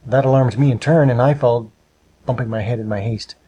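A man narrating a storybook with a steady, measured reading. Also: mid-range voice, husky, rough recording.

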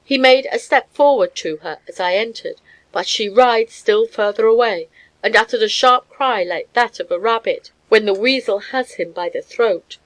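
A woman reading a story aloud as an audiobook narrator, measured and even. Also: fairly high pitch, poor audio. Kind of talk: scripted narration.

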